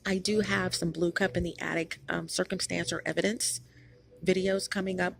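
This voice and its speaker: A woman's voice: on the low side, flat delivery, moderate pace, creaky, a little hiss or hum. A woman hosting her own channel, talking in a rambling, emphatic vlog monologue with many restarts, tired after being up all night. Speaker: channel host.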